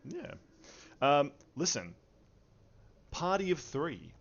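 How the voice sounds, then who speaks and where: A man's voice: a little high, very animated, takes it slowly, gravelly, a little hiss or hum. A man hosting a livestreamed tabletop game as game master, playful and rambling as he welcomes players and chat. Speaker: game master and stream host. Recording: dull lo-fi stream audio.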